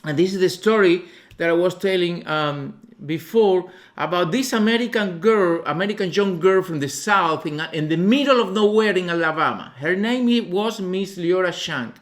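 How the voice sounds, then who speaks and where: A man preaching in a church, telling a story in a halting way with many pauses and filler sounds. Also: high voice, lively intonation. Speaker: guest preacher. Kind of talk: storytelling sermon.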